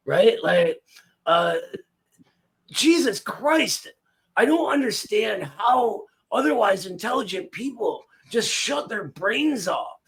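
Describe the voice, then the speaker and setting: A man hosts a reaction show in a casual commentary, sounding exasperated and dismissive. His voice is on the high side. He speaks plainly. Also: sing-song, slow pace, creaky, fairly bright tone.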